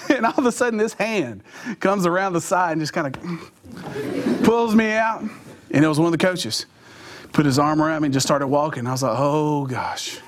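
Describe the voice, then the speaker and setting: Middle-aged guy, high voice, telling funny stories to a crowd, acts out voices and noises. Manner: animated, acts out voices and sound effects. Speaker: motivational speaker. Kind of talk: comic storytelling talk to an audience.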